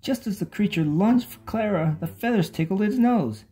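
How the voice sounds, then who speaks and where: A narrator giving an expressive, lively read-aloud of a children's bedtime storybook. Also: mid-range voice, normal speed, husky.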